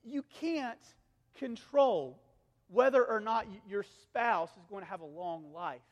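Earnest preacher with a high voice in a reverberant hall. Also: male voice, measured pace, dull audio. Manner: earnest, swings from loud and emphatic to hushed, intimate near-whispers. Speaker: pastor. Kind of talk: sermon.

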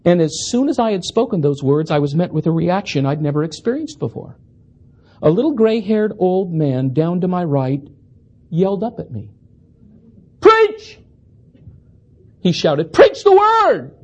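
A preacher with a husky, slightly breathy voice tells a story from the pulpit. He swings his pitch widely and lets his self-deprecating humor show throughout. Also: animated, moderate pace, mellow. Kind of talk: storytelling sermon.

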